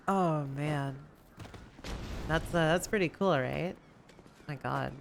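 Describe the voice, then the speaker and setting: Low, gravelly young woman gaming chatter. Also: slow pace, long pauses, a little hiss or hum. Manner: rambling, chatty, frequent fillers and swearing; sometimes lifts her voice higher on purpose. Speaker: gaming streamer. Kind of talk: casual gameplay commentary.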